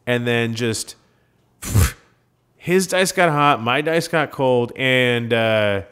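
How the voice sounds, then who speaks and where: A man's voice: mid-range voice, slow pace, clear, resonant tone. A man from Minnesota co-hosting a podcast, telling stories in casual chat and acting out the dialogue. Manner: animated storyteller, acts out quoted dialogue. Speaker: podcast co-host.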